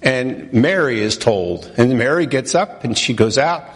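A man preaching a sermon as pastor, slow and emphatic, asking and answering his own questions. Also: mid-range voice, lively intonation, slightly rough. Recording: long reverb of a large hall.

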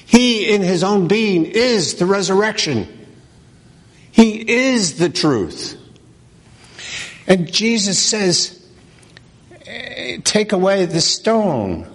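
A man preaching a sermon as pastor, slow and emphatic, asking and answering his own questions. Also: high-pitched. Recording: long reverb of a large hall.

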